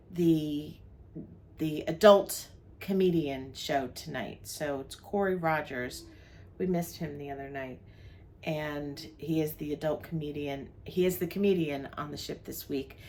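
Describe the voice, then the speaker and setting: Older woman with a low voice, chatty vlogger. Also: unhurried, a little hiss or hum. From New Jersey, USA. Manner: chatty, lists the day's plans. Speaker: vlog co-host. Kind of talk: casual travel vlog chat.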